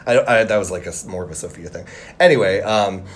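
A man's voice: low voice, fast. A man co-hosting a podcast in casual chat, rambling and teasing with lots of fillers. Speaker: podcast co-host.

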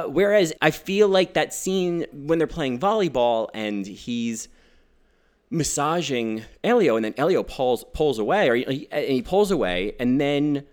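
Animated man ranting about a film. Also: a little high. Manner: animated, indignant, swings into mocking voices. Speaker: film critic. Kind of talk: opinionated film commentary.

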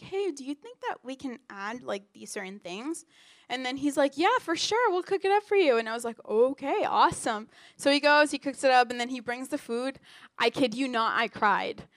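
A woman's voice: fairly high pitch, a bit bright, dry recording, studio quality. A young woman giving a casual sermon at a church gathering, telling stories in a chatty, playful way with many fillers and jokes at her own expense. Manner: playful and self-joking. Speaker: youth speaker.

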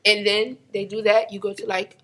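A woman's voice: mid-range voice, little pitch movement, normal speed, bright, forceful tone. A woman, teasing and laughing through casual podcast banter.

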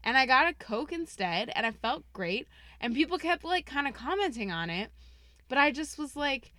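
A woman in her thirties co-hosts a podcast, casually telling a personal story packed with fillers like "like." Her voice is high and bright with big pitch swings and a forceful tone, at normal speed. There is no echo.

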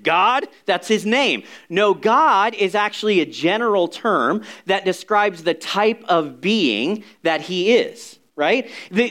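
High-voiced man preaching a lively sermon. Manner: conversational, animated preaching with asides. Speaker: pastor.

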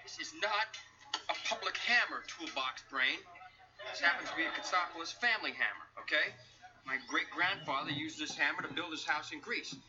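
A man's voice: fairly high pitch, normal speed, over loud music, lightly acted. An actor playing a bossy, sarcastic man who orders friends around on a building job, in a sitcom clip. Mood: protective. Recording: dull TV clip sound.

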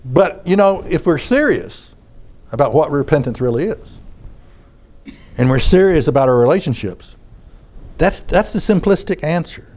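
A man's voice: fairly high pitch, animated, normal speed, pauses often, a little mellow. A man preaching a sermon in front of a congregation, talking in a conversational way and often repeating his phrases.

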